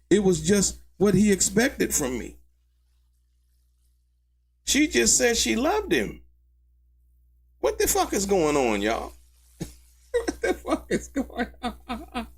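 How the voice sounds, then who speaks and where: A man's voice: on the high side, a little hiss or hum. A man hosting a commentary show, talking emphatically and in slang about courtroom testimony and calling out to his viewers. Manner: animated, emphatic and slangy, calls out to viewers by name. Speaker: host and commentator. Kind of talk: commentary on trial testimony to a live audience.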